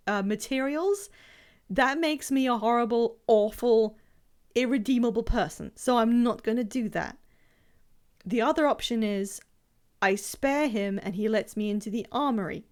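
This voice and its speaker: A young woman live-streams a game and chats casually with her viewers. Her voice sits a bit higher than most. She rambles playfully with fillers and laughs often. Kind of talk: casual live-stream chat while gaming.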